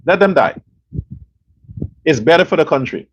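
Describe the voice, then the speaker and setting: Angry, profane man ranting, high-pitched. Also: lively intonation, moderate pace. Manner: profane, scornful, rhetorical questions. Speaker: political commentary show host. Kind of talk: angry political rant. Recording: dull lo-fi sound with faint noise.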